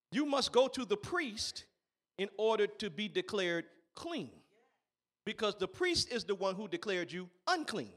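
A man with a strikingly high, bright voice preaches in a church. His pitch swings widely as he shifts between quiet explanation and sudden shouted bursts, often laughing along with his own points. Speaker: pastor. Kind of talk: sermon.

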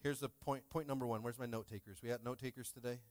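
A man in his thirties preaches a sermon in a church, his voice at an everyday middle pitch. He cracks jokes and throws playful asides to the congregation. He swings between loud bursts and soft, quiet asides. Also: fairly even intonation, fast. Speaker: pastor. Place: church sanctuary.

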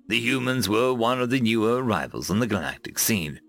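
A man reading a military science fiction story aloud, narrating with a dramatic, lively delivery. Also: fairly low pitch, normal speed, vocal fry. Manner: lively, dramatic reading with raised voices for dialogue. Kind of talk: scripted sci-fi story narration.

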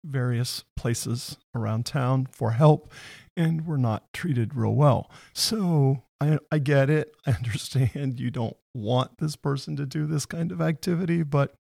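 A man hosting a faith-based interview chat, earnest and openly emotional, often speeding up when he gets excited. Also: medium pitch, a little slow, creaky, hardly any pauses.

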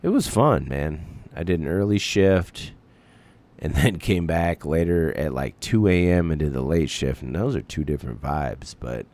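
A man with an extremely deep, gravelly voice hosting his podcast. His talk rambles casually, with lightly sworn asides. His pitch still swings about in an animated way. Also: a little slow. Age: adult parent. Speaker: podcast host. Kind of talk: casual chat.

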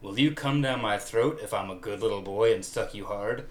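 A man voicing a coy, sighing, secretive man with a theatrical, hushed way of speaking. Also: on the low side, normal speed, natural voice. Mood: sultry.

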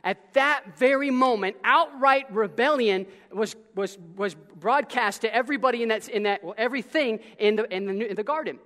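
A man preaching a sermon as pastor, in an animated style full of casual asides and quick restarts. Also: extremely high pitch. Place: church sanctuary. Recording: long reverb of a large hall.

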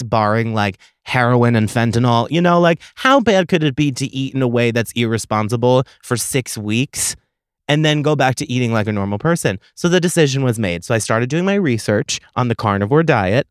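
A young man hosting a solo comedy podcast, telling stories in a profane, sarcastic, animated way. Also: medium pitch, normal speed, clean tone, no room sound, studio quality. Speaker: podcast host.

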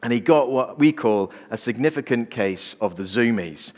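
A pastor in his thirties delivers a sermon, weaving in personal stories with earnest conviction. His voice sits at an ordinary male pitch. A long reverb trails after his words in the large hall. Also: animated, normal speed, darkish tone. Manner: earnest, personal storytelling preaching.

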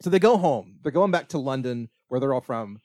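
A man's voice: mid-range voice, lively intonation, a little fast, dark tone, dry recording, clean studio sound. A man co-hosting a podcast, casually retelling a film's plot in a loose, rambling way with lots of "like" and restarts. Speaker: podcast co-host. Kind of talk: casual movie-recap chat.

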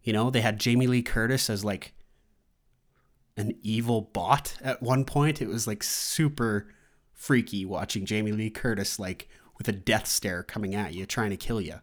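A man's voice: lowish voice, moderate pace. A man hosting a movie podcast, chatting casually on his own in a rambling, loose way, with lots of fillers and restarts. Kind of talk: casual solo chat.

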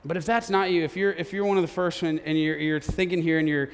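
A man's voice: a little high, fairly even intonation, fast talker, clean tone, big-room sound. A man preaching a sermon as pastor, earnest and often repeating words as he builds his points.

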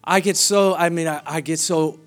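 A pastor preaching a sermon with emphatic, repeated declarations. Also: male voice, a little high, steady tone, moderate pace, soft background music.

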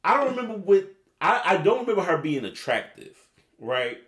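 A young man hosting a podcast, telling a rambling story full of swearing. His pitch sits a little high and swings widely as he talks. The room around him gives his voice an echoey ring. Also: moderate pace. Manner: rambling, profane, animated storyteller. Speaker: podcast host. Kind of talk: casual storytelling chat. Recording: roomy echo.

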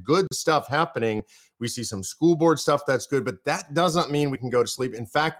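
A man from the United States hosting a political podcast, emphatic and fired up, driving his points home in runs of repeated phrases. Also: mid-range voice. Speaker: podcast host.

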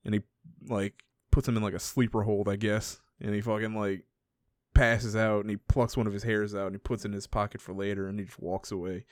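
A man's voice: fairly low pitch, level tone, brisk, dry recording, studio quality. A man casually recapping a book plot on a podcast, laughing often and swearing freely between fillers. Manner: laughing, profane, filler-heavy storytelling. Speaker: podcast co-host.

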